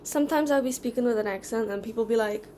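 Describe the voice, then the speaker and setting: An American woman rambles through a casual vlog at home, her voice sitting a little high. She wanders from topic to topic, pausing to clear her throat, with a faint hiss in the background. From United States. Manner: rambling and distracted, with an odd put-on accent. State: occasional coughing and throat clearing. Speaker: vlogger.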